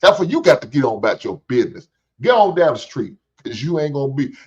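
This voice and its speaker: A man's voice: mid-range voice, big pitch swings, fast talker, slightly rough. A man hosting a show, ranting profanely and preaching at the camera, sometimes taunting in a sing-song voice. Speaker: show host reacting to clips. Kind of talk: casual commentary. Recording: dull lo-fi sound.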